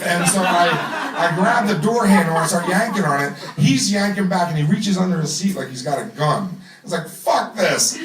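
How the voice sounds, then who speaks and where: Guy doing a storytelling set, swears a lot, laughs along, roomy mic w/ audience going. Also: high-pitched. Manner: casual, profane, laughing through his story. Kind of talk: live storytelling. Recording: roomy venue mic from a distance.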